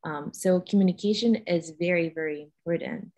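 A woman with a Spanish accent answering as a physician on a panel, careful and pausing with ums. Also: fairly low pitch, a little mellow. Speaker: physician guest.

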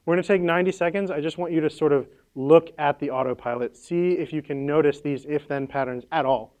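A man's voice: on the high side, brisk, a little mellow. Chatty man giving a workshop talk. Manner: casual, peppered with "like" and "right?"; playful, adds sound effects. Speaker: workshop presenter. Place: conference workshop room.

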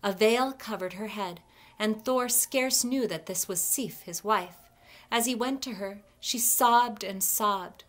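Brief: library storyteller, woman, measured expressive read-aloud. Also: mid-range voice.

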